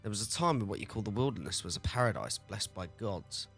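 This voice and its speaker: A man voicing an ancient, weary, formal sorcerer creature from a game, reading its lines aloud in a slow, formal way. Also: on the low side, expressive, gravelly, fairly bright tone, slightly rough, faint music behind, heavily acted. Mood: weary, solemn.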